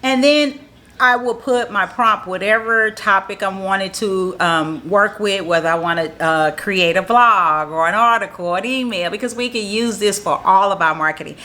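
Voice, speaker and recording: Upbeat, bright-voiced woman teaching marketing. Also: medium pitch, normal speed. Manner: upbeat, positive, motivational; repeats points in plain, encouraging teaching talk. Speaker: marketing strategist. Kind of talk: casual how-to tutorial to camera.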